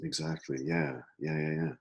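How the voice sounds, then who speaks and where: A man hosting a casual interview call, asking halting, repeated questions and giving short encouraging replies. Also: extremely low pitch, sing-song, vocal fry. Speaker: interviewer, coach.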